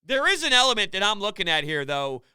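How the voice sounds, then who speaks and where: A man talking baseball in a fast-moving vlog rant, his voice high and very bright. He sounds crisp and clean, and he swings from incredulous outbursts to grumbling asides. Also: no room sound. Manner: animated, ranting, exasperated. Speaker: sports vlogger. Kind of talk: opinionated sports commentary vlog.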